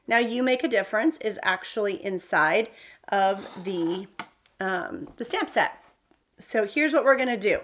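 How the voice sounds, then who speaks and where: Casting note: woman host for a crafting tutorial, chatty and thinking aloud, mid pitch. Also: expressive, a little slow, slight background noise. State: hiccups. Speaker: card-making tutorial host. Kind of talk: casual crafting demonstration.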